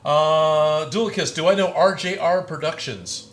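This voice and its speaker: A man's voice: on the high side, unhurried, a little hiss or hum. A man hosting a casual maker livestream from his workshop, chatting and reading out viewer comments.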